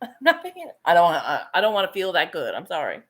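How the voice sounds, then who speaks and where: A woman's voice: fairly low pitch, very animated, fast. A middle-aged woman chatting casually while she paints, swearing freely and laughing often. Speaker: painting vlogger.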